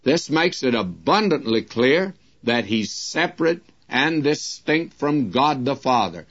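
Slow emphatic male Bible teacher. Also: medium pitch, fairly bright tone, dull audio. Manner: slow, emphatic, addresses listeners as friends.

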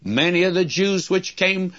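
A man preaching a sermon-style Bible lesson, measured and explanatory, calling his listeners friends. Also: high-pitched, fairly bright tone. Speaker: Bible teacher. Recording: dull lo-fi recording.

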